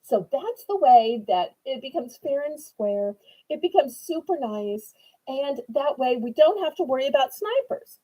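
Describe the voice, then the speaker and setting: A woman from New Orleans, Louisiana, hosts a live online auction, chatting sweetly and eagerly to sell items. Her high voice is very animated yet unhurried, with a dark tone, and the audio quality is poor.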